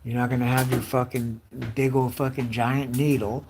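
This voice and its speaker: A man in his late forties rambles through a crude, profane rant, jumping from story to story. He keeps slipping into loud mimicked voices. A faint hiss of noise sits under the recording. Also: medium pitch, moderate pace, hardly any pauses. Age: 40s. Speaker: live streamer.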